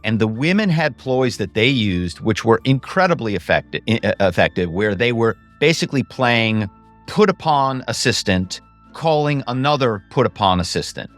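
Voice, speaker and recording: A man telling stories as a podcast guest, lively and acting out phone calls in voices. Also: mid-range voice, moderate pace, soft background music. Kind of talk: casual interview storytelling.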